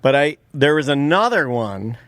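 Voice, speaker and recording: A man's voice: mid-range voice, big pitch swings, moderate pace, a bit bright, no room sound. A man co-hosting a casual radio show, blunt, profane and opinionated. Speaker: co-host.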